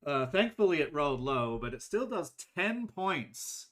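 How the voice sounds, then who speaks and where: Male game master, unhurried delivery, methodical rules explanations, livestream table game. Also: a little high, very animated, a bit bright. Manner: measured, explains rules step by step. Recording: live stream.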